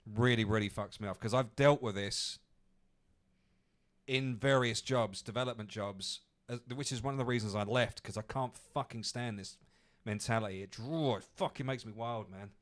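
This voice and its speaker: A man's voice: lowish voice, moderate pace. A man hosting a podcast, ranting angrily with lots of swearing. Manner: angry, profane ranting. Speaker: podcast host. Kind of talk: ranting commentary.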